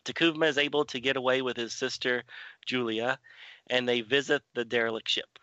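Podcast co-host, male, crisp bright tone, steady recap delivery, muffled dry recording. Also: medium pitch, brisk, no room sound. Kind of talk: comic book recap and discussion.

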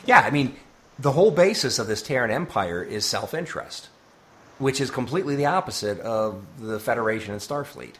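A man's voice: medium pitch, lively intonation, fairly quick, slight background noise. A man co-hosting a podcast, chatting casually and laughing often. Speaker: podcast co-host. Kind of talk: casual chat about comics.

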